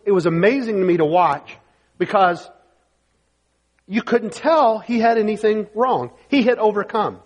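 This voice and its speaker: A man preaching a sermon emphatically in a church and reading scripture aloud. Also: sits high. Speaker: pastor. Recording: long hall reverb.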